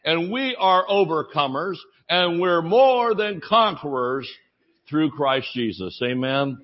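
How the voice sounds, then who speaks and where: A man's voice: a little high, slow, muffled recording. A man with a Southern US accent, preaching a humorous sermon full of stories and laughter. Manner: animated storytelling, laughs often.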